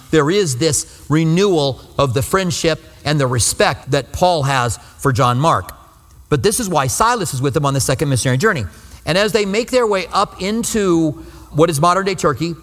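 A man's voice: a little high, a bit bright. A man preaching a verse-by-verse Bible teaching sermon as pastor, earnest and explanatory, repeating phrases for emphasis. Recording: long reverb of a hall.

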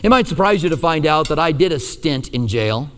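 A male pastor preaching a sermon, telling a personal story with lively, self-deprecating humor. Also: a little high, brisk, in a large hall.

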